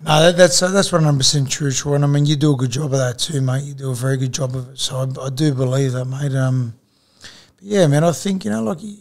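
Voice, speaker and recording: A man's voice: medium pitch, a little fast, vocal fry, few pauses, a little mellow. Laid-back man, casual podcast chat. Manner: laid-back, peppers talk with "mate" and "you know". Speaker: podcast co-host.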